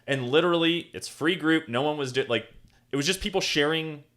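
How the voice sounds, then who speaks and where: A man's voice: a little high, fairly quick, a bit bright. A man co-hosting a podcast, chatting casually with many fillers and agreeing remarks. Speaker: podcast co-host, dentist. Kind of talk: casual interview talk.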